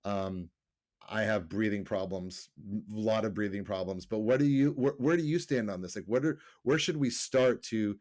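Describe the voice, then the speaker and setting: A man's voice: fairly low pitch, normal speed, a little mellow. Middle-aged male podcast co-host, loose rambling delivery, joining remotely. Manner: rambling, self-correcting, laughs easily. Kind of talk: casual remote podcast chat. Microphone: remote call.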